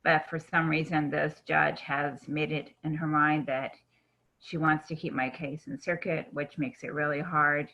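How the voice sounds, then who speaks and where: A woman from Virginia, a guest on a video call interview, speaking haltingly with fillers. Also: deep voice, level tone, pushed and bright, lo-fi sound.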